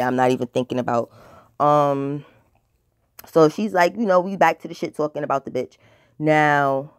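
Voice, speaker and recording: A woman's voice: rumbling low, no room sound, clean studio sound. A woman telling a casual personal story in a blunt, profane, dramatic way, rambling with filler words. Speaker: storytime vlogger.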